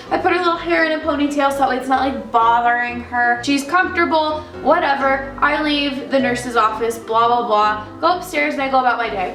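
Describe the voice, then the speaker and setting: A young woman with a high voice tells a chatty, animated story in a casual vlog and acts out the people in it. She sounds echoey and a little far from the mic, with faint music behind her. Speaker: vlogger, daycare worker.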